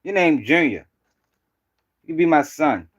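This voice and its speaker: Host, male, high-pitched voice, confrontational and profane. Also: lively intonation, measured pace. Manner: confrontational, profane, slangy, repeats himself. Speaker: host of a news commentary channel. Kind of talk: heated live-stream commentary.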